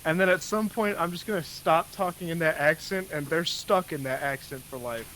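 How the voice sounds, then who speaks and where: A man's voice: a little high, normal speed, a bit bright, slight background noise, poor audio. A man chatting and joking as a guest while playing a game on a stream. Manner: joking, calls people bro. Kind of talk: casual chat while gaming.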